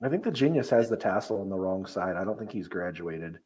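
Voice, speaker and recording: A man's voice: deep voice, lively intonation, a little fast, darkish tone. A man co-hosting a casual wrestling podcast, making playful, jokey asides. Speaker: podcast co-host. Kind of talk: casual chat watching wrestling.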